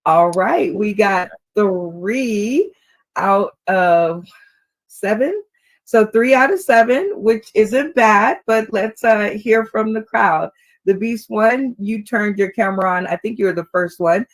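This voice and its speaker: Female game show host, slow unhurried pace, encouraging. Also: medium pitch. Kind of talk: hosting a comedy game show.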